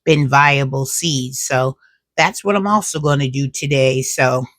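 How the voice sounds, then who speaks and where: Woman doing a home vlog, slow easy chatty talk, dry close phone sound. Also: rumbling low, fairly bright tone, no echo. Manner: chatty, drawn-out, says "child" and "y'all". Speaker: home cook and gardening vlogger. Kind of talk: casual chat to camera.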